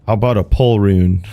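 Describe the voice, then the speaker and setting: A man's voice: lowish voice, warm tone. A man streaming a video game, chatting casually with viewers, laid-back and swearing freely. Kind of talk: casual gaming commentary.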